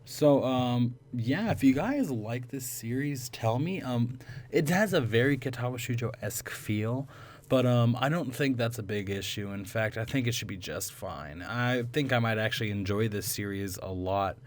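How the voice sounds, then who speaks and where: A man's voice: mid-range voice, lively intonation, normal speed. A young man reading a visual novel aloud, breaking off for chatty, laughing asides full of ums. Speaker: gaming video creator.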